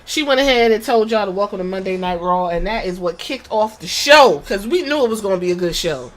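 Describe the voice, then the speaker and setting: A woman hosting a podcast, recapping a wrestling show in casual, profane, animated storytelling with quoted impressions. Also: mid-range voice, brisk. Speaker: podcast host.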